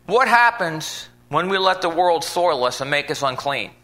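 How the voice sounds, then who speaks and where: A man's voice: on the high side, animated, moderate pace, pushed and bright. A man preaching an informal sermon in a folksy, conversational way, acting out little scenes as he goes.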